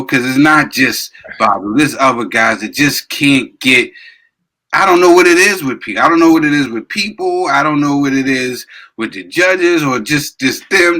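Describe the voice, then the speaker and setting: A man with a bright, forceful voice talks casually about boxing on a podcast. He is animated and slips into acted-out voices between laughs. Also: medium pitch. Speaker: podcast co-host.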